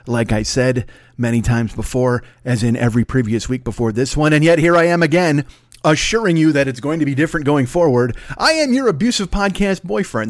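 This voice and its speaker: A man hosting a solo podcast, rambling on in a fast, profane, self-mocking stream of talk. His voice sits at an ordinary middle pitch. The recording is close and dry, with no room sound. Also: no echo. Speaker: podcast host.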